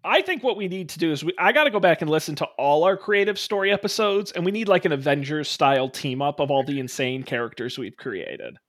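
Upbeat higher-voiced podcast co-host. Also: male voice, animated, fast talker, few pauses, fairly bright tone. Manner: upbeat, hesitant fillers. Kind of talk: casual chat.

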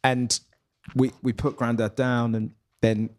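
Reflective male comedian, mid-pitched voice. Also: level tone, takes it slowly, background noise. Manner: reflective, hesitant, trailing phrases. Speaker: comedian guest. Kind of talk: casual chat. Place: pub.

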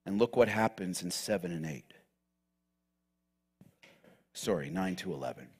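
A man's voice: low-pitched, animated, measured pace, husky. A man preaching a sermon, emphatic and direct with the congregation, repeating key phrases. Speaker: pastor.

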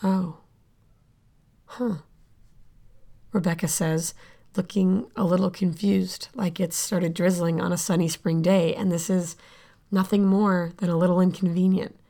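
A woman's voice: on the low side, level tone, moderate pace, creaky, dark tone. A woman narrating an audio drama in the first person, sardonic and blunt, swearing freely. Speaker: narrator and lead character.

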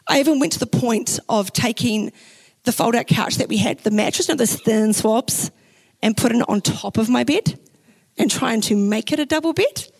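A woman's voice: on the high side, normal speed, gravelly, slightly rough, low-quality recording. Chatty young woman pastor, New Zealand accent. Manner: chatty, animated storytelling with acted-out quotes. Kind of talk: sermon with personal story. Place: church.

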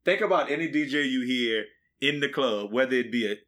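Young guy on a podcast, bright voice, slangy laid-back storytelling. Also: mid-range voice, a little fast. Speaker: podcast co-host. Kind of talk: casual chat.

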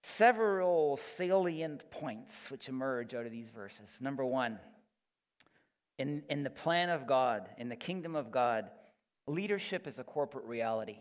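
A man's voice: medium pitch, expressive, measured pace. A man preaching a sermon as pastor, earnest and emphatic, often repeating words as he builds his point. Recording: echoey hall, dull lo-fi sound.

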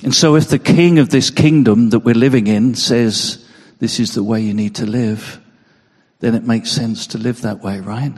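A man's voice: medium pitch, fairly even intonation, moderate pace, darkish tone, slightly rough, long reverb tail. A man preaching a sermon in an earnest way, emotional, often repeating words as he stresses a point.

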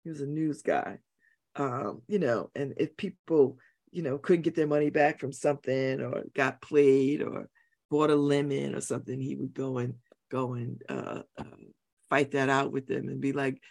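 This middle-aged woman has a bass voice, creaky and darkish in tone, with fairly even intonation at a normal speed. Hosting talk radio from a studio, she delivers an opinionated, preachy monologue, emphatically repeating her points.

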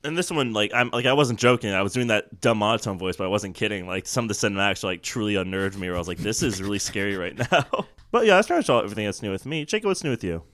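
A man co-hosting a podcast in a casual chat, jokey and quick to laugh. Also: on the low side, expressive, fairly bright tone, dry recording, studio quality. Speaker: podcast co-host.

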